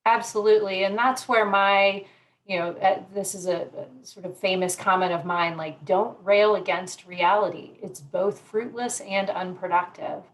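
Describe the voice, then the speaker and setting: A woman psychologist from Colorado, explaining ideas in a measured way with everyday examples during an interview. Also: mid-range voice, fairly even intonation, low-quality recording. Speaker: psychologist guest. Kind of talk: conversational interview.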